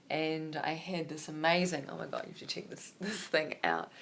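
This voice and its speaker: A woman's voice: deep voice, creaky. A woman, a yoga teacher talking openly and reflectively in a personal vlog, wandering with many fillers.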